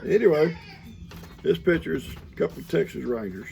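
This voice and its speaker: A man's voice: a little high, animated, normal speed, creaky, mellow, slight background noise. An older man in casual chat, reading out viewer mail outdoors on a farm in a folksy, rambling way, breaking off to talk to his grandkids. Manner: folksy, rambling, talks to grandkids mid-sentence. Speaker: grandfather vlogger.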